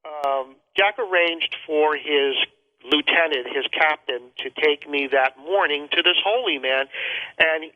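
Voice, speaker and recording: A man being interviewed, telling a personal travel story in a rambling, halting way with many fillers and repeated words, heard over a phone call. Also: a little high. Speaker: interview guest. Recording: tinny phone line.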